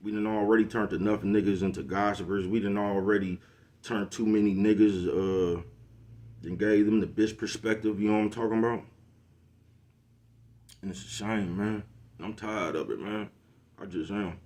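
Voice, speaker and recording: A man's voice: on the low side, steady tone, normal speed, long pauses, darkish tone. A middle-aged man ranting casually to the camera, laid-back and slangy, always asking if you know what he's talking about. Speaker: vlogger hosting his own show.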